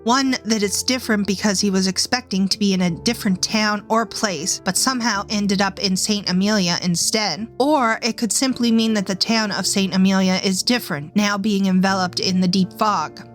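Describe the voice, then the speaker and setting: A woman hosting a gaming video, reading a scripted commentary in an earnest, steady analytical way. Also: medium pitch, moderate pace, hardly any pauses, faint music behind.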